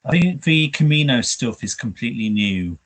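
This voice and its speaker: A man in casual review chat, excitedly retelling his own reactions and acting them out. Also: mid-range voice, moderate pace. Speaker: podcast co-host.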